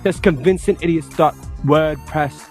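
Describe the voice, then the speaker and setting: A man's voice: fairly high pitch, steady tone, unhurried, faint music behind, natural voice. A man voicing a swaggering male British rock frontman in a put-on British accent, drawling and calling everyone mate. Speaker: podcast co-host.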